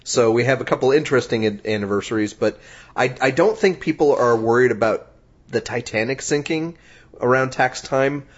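A man's voice: mid-range voice, normal speed. A man co-hosting a podcast, explaining a news item in chatty, rambling casual talk. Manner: chatty, explains at length with fillers. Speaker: podcast co-host. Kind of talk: casual chat. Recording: dull lo-fi podcast audio.

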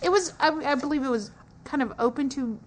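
A woman's voice: sits high, brisk. A woman co-hosting a podcast, dropping dry quips and little corrections. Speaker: podcast co-host. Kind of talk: casual chat.

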